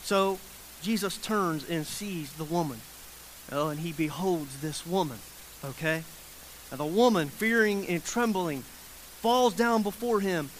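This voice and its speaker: A man's voice: high-pitched, measured pace. A man preaching a sermon in a conversational way. He repeats his phrases, checks in with his listeners, and acts out the people in the story. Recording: faint hiss.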